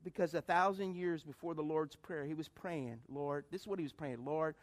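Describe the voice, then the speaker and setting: A middle-aged man preaching a sermon, calling out to the congregation and swinging between loud appeals and hushed lines. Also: fairly high pitch, normal speed. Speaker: pastor.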